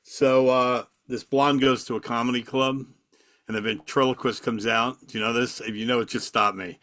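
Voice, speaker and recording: A man's voice: medium pitch, fairly even intonation, moderate pace, a bit bright. A male guest chatting eagerly on a video call. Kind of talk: casual video-call chat.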